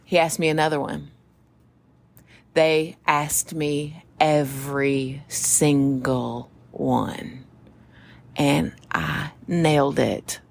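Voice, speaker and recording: A woman with a Southern US accent, co-hosting a podcast and telling stories in casual chat, animated, laughing often and acting out quoted voices. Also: deep voice, extremely slow, creaky. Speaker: podcast co-host.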